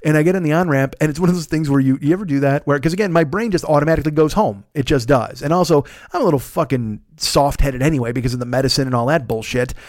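A man's voice: on the high side, quick pace, few pauses, dry recording, clean studio sound. A middle-aged man hosting a podcast, telling a long rambling story in a casual, profane, self-deprecating way while worn out from being sick. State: worn out and recovering from illness. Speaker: podcast host.

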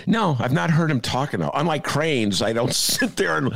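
A man's voice: a little high, expressive, unhurried, gravelly, long pauses, a bit bright, no room sound. A man co-hosting a political podcast, ranting sarcastically about the week's news. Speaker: podcast co-host. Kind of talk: casual political commentary.

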